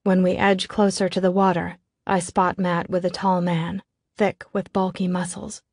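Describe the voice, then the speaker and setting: A woman's voice: fairly low pitch, little pitch movement, moderate pace, a little mellow, no room sound, clean studio sound. A woman reading a novel aloud in scripted first-person narration, in a tense, controlled way. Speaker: audiobook narrator.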